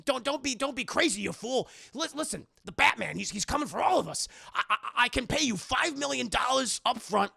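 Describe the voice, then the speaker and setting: A man's voice: very high voice, lively intonation, a little fast, gravelly, few pauses, sharp tone, slightly rough, no room sound, studio quality, pitched above the performer's own voice, exaggerated voice. A man voicing a frightened old male mob boss who stammers and pleads frantically. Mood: panicked.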